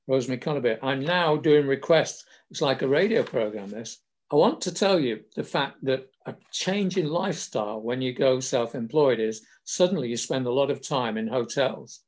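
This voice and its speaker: A man's voice: mid-range voice, expressive, normal speed, a little mellow. An older man from England hosting a podcast, telling wry anecdotes in a casual storytelling way. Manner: wry, self-deprecating humour. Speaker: podcast host.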